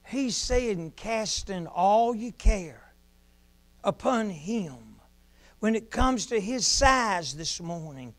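High-voiced preacher, slow and shouting. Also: male voice, animated. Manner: builds to shouted emphasis and drops to soft asides; repeats key phrases in a rhythmic preaching cadence. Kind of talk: sermon.

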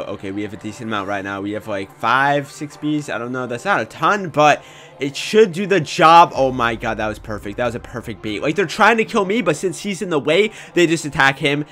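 A young man commentating his own gameplay in a casual, excitable way, often breaking into shouts. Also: mid-range voice. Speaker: gaming YouTuber.

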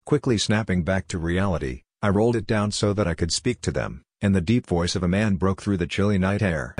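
A man narrates a horror story in a very low, deep voice, measured and subdued. The sound is dry and close, with no room around it. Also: lively intonation, no echo.

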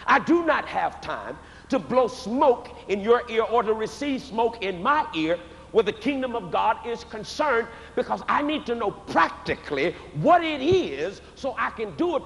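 A man preaching a live revival sermon to a church congregation, emphatic and rhythmic, rising to shouted peaks. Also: high voice. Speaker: guest preacher. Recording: reverberant church hall, faint ambience.

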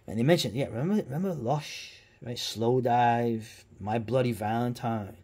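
A man's voice: mid-range voice, normal speed, a little mellow, husky. A man giving casual, rambling commentary while reacting to a documentary, with a sarcastic streak and plenty of fillers and restarts. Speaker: reaction video host.

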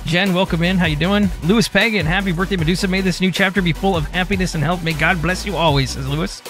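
A man's voice: high-pitched, fast, faint music behind. Laid-back male streamer reading chat. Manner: reads chat names in a relaxed drawl. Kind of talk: casual live-stream chat.

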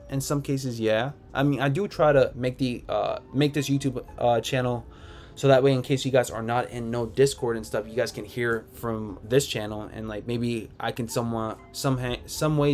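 A man with a medium-pitched, slightly mellow voice hosts a sneaker livestream from a room at home. He reads comments from viewers aloud and responds in an easygoing, wandering manner.

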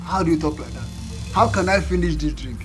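A man's voice: fairly high pitch, lively intonation, fairly quick, soft background music, lightly acted. An older man with a Nigerian accent, playing a broke, boastful father who pleads and whines with his creditor. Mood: wheedling. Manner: wheedling, self-pitying, rising to a whine. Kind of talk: Nollywood film acting.

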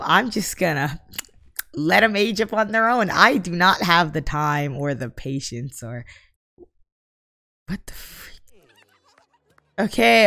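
A woman's voice: mid-range voice, sharp tone. A young woman casually commenting on her life-simulation gameplay, chatty and mock-exasperated with her characters. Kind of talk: casual let's-play commentary.

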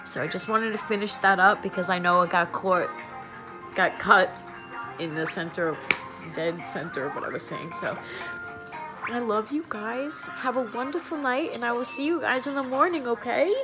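A woman's voice: medium pitch, moderate pace, over music. A woman with a New York accent, talking earnestly and rambling, full of fillers, in a casual spiritual vlog. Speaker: vlogger.

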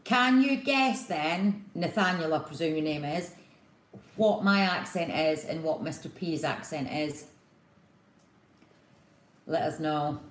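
Scottish woman, live-stream co-host, low voice, playful and teasing, roomy sound. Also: animated, takes it slowly, long pauses. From Scotland. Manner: playful, teasing, laughs often. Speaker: co-host of a livestream. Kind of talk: casual live chat. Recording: echoey room.

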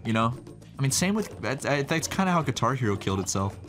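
Lively, giggly guy co-hosting a chat over game music, swoops up and down a lot. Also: fast. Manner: laughs often with a high childlike giggle. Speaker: co-host. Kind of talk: casual chat while gaming.

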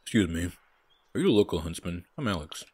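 A man reading the lines of Alex, a polite, calm young man in a game, in a flat way. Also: low voice, a little fast, breathy edge, voice pushed down, exaggerated voice.

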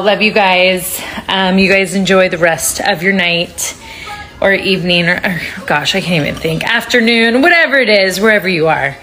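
Chatty woman in her 30s talking into her phone at home, mid-pitch, breaks into baby talk with her kid. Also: fairly bright tone. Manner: chatty, talks to her toddler in a sing-song baby voice. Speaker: social media livestream host. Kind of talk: casual livestream chat.

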